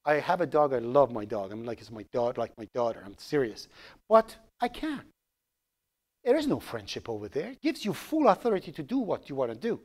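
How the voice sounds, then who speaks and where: A man with a Persian accent lecturing a classroom on programming. He jumps up and down in pitch as he jokes and quizzes his students, with a lively, conversational delivery. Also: a little fast. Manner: animated, joking, asks the class questions. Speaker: programming instructor.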